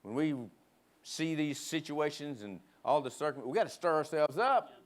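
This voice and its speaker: A man preaching a sermon in a church, emphatic, leading the congregation in call-and-response and prodding them with quick asides. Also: on the high side, animated. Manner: emphatic, prods the crowd with "huh?". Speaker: guest preacher. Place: church sanctuary.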